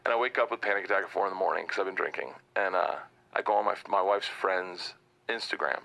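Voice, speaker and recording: A man telling a long story on a podcast, rambling and animated, swearing a lot. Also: sits low, fast talker, vocal fry. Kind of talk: casual storytelling. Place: bar or pub room. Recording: roomy, distant mic, background noise.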